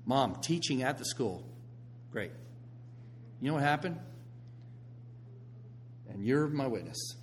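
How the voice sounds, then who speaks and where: A middle-aged man preaching a sermon as a pastor, telling stories with animated swings between loud bursts and hushed lines. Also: medium pitch, unhurried, pauses often, a little hiss or hum.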